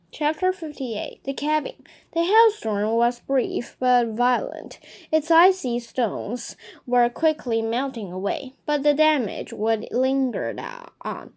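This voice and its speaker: A woman's voice: on the high side, darkish tone. A woman reading a children's novel aloud, stumbling and restarting words often. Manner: halting reading with frequent slips and restarts. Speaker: narrator.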